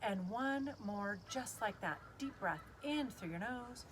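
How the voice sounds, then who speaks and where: A woman's voice: on the high side, animated, slow pace, noisy background. A woman leading a guided kids yoga class, cueing poses in an upbeat, playful way and making animal sounds.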